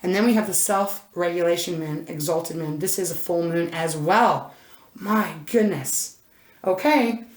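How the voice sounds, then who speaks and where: A woman's voice: fairly low pitch, a little slow. Chatty woman reading cards in an echoey room. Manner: chatty, rambling, self-interrupting, frequent "oh my gosh". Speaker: intuitive tarot reader. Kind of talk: casual card reading to camera. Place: indoor room. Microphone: camera mic.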